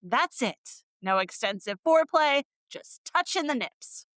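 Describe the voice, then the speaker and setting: A woman co-hosting a casual book-review podcast, sarcastic and animated, swearing freely and laughing often. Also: high-pitched, a little slow, no echo. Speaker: podcast co-host.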